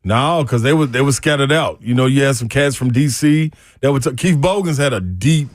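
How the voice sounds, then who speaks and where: A man's voice: medium pitch, animated, fairly quick, dry recording, clean studio sound. A man co-hosting a sports radio show, talking in laid-back, slangy banter. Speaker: radio co-host, former college basketball player. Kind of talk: casual sports radio chat.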